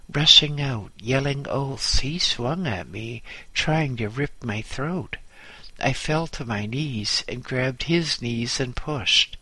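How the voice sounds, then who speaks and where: A man reads his own story aloud in a measured, deliberate way, taking his time over each phrase. His voice is bright and forceful. The recording is dry and close. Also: mid-range voice, slightly rough, no room sound, low-quality recording. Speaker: narrator. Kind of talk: first-person memoir audiobook narration.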